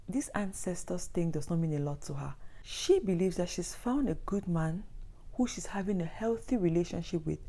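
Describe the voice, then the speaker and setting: A woman's voice: fairly low pitch, warm tone. A woman narrating a true story with dramatic, repetitive emphasis. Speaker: storyteller host.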